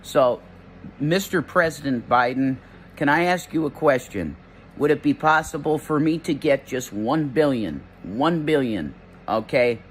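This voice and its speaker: A man's voice: medium pitch, animated, unhurried, slight background noise. A man ranting indignantly to the camera, stammering and rambling. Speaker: online commentator. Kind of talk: ranting vlog address.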